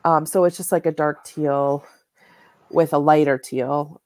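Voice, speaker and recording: A woman's voice: low-pitched, fairly even intonation, measured pace, a little mellow, no echo. A woman co-hosting a knitting show, chatting casually and showing yarn and fabric to the camera, rambling with many "like"s and "um"s.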